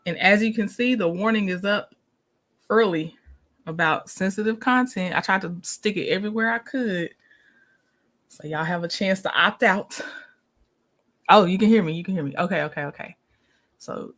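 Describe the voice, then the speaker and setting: A woman's voice: medium pitch, normal speed, pauses often, a bit bright. A woman hosting a casual livestream, greeting viewers by name and laughing often. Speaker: livestream host.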